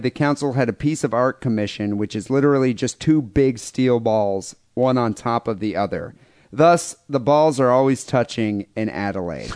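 A man's voice: medium pitch, a little mellow, no room sound. American man, crude podcast co-host, sarcastic email reading, dry close sound. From United States. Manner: reads listener emails aloud with sarcastic asides. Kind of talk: crude comedic podcast banter.

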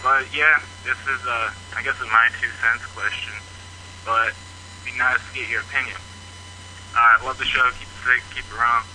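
College kid calling into a show, rambly and casual, super bright voice, faint hiss on the line. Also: male voice, medium pitch, fairly even intonation, moderate pace. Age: young adult. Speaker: caller. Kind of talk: voicemail call-in. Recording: noisy phone line.

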